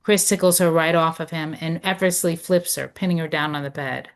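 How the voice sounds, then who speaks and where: A woman reads stage directions aloud in a low voice. Her delivery is measured and descriptive, setting each scene plainly. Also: steady tone. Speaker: narrator reading stage directions. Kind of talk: script read of stage directions.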